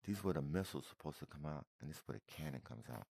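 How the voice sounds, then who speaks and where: Deep gravelly man reacting emotionally. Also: lively intonation, fast talker, a little mellow, no room sound. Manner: emotional, repetitive, addresses viewer as man and brother. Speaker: video commentator reacting to footage. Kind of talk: casual reaction commentary.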